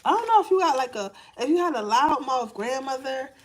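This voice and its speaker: A woman's voice: high-pitched, animated, brisk, slight background noise. A woman giving casual live-stream tarot readings, chatty and slangy, laughing often. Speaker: tarot card reader.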